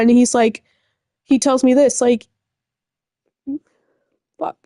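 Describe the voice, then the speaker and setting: A woman's voice: fairly high pitch, steady tone, slow pace, long pauses, warm tone, no room sound, clean studio sound. A young woman telling a breakup story to the camera in a rambling, upset way, full of fillers and swearing. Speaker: vlogger. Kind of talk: casual storytime rant.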